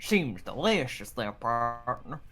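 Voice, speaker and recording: A man's voice: mid-range voice, big pitch swings, slow pace, bright, forceful tone, heavily acted. A man voicing a folksy, eager American cowboy with a put-on Southern accent, in improvised comedic role-play on a stream. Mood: hearty.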